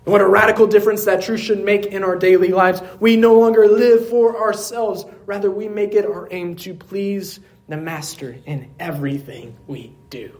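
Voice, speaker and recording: Pastor guy preaching in church, earnest, kinda higher voice, lots of questions then goes quiet for emphasis. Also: normal speed, hardly any pauses. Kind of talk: sermon. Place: church service.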